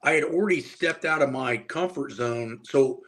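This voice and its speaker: A man in his forties from Indiana speaks as a podcast guest at a middle pitch. He tells his story in a loose, animated way and swears freely. His tone is casual and conversational throughout. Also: moderate pace. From Indiana, USA. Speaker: guest, powerlifter and strength coach.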